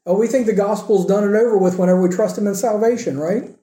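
A man preaching a sermon, asking rhetorical questions and moving between emphatic lines and hushed ones. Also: sits high, fast, hardly any pauses. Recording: echoey room.

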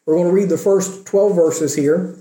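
His voice sits high and mellow as this man preaches at a moderate pace in a church sanctuary. The sermon is conversational, with scripture reading and check-ins with the congregation, and the recording sounds echoey.

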